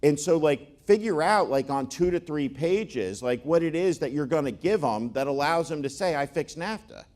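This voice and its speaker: A man's voice: on the high side, animated, normal speed, hardly any pauses, darkish tone. A man speaking to an audience, telling joking anecdotes in a wry, conversational way with frequent restarts. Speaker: panel speaker. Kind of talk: conversational talk before an audience.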